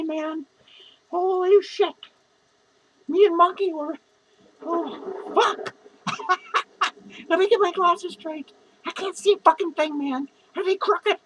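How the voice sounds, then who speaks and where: Squeaky-voiced drunk clown, male, self-pitying and foul-mouthed, slurred comic rant. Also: a bit bright, heavily acted, rough recording. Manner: slurred, rambling, profane, giggling. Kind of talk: comedic character monologue.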